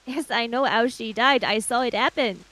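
A woman's voice: on the high side, normal speed, fairly bright tone, lightly acted, poor audio. A woman voicing a proud swordswoman who speaks in short, clipped, cold lines. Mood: terse. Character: terse, proud swordswoman, young adult woman.

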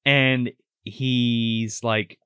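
A man's voice: medium pitch, level tone, drawn-out words, sharp tone, smooth, no room sound, clean studio sound. A man in casual chat, recapping a show and acting out scenes in quoted voices.

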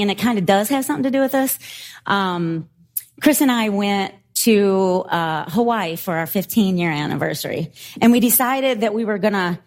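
A middle-aged woman preaching a sermon and telling a story in an animated, laughing way. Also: medium pitch. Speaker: pastor.

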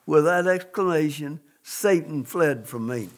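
A man with a fairly high voice tells his testimony earnestly and plainly. His informal phrasing often swells into forceful, emphatic stresses. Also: animated, measured pace. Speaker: guest telling his testimony. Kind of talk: recounting a personal testimony.

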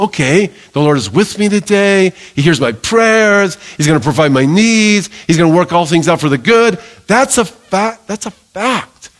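A middle-aged male pastor preaching a sermon in a lively, joking way, calling for amens from the congregation. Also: fairly high pitch.

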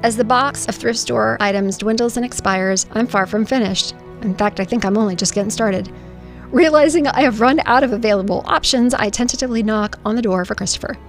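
Brief: middle-aged woman, memoir narration, earnest and emotional, gravelly edge, faint music under. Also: fairly high pitch, fairly quick. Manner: emotional, earnest storytelling with spoken sound effects. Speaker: podcast host reading her own story.

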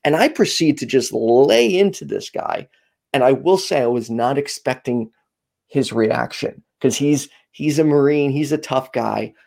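Gravelly, lively-voiced male podcast host. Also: mid-range voice, measured pace. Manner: rambling storyteller, loose and candid. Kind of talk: casual chat.

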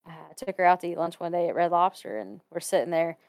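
In a dry, studio-quality recording, a fairly low-pitched woman talks fast as she shares a creepy thing that happened to her. She's a guest from Ohio, lively and laughing frequently, performing the voices of everyone she quotes.

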